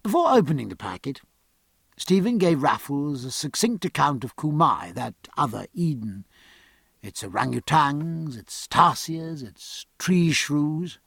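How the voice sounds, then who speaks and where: A man narrating an audiobook in a measured, literary storytelling style. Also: on the high side, animated, gravelly, a bit bright, husky, no room sound, studio quality. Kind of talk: scripted narration.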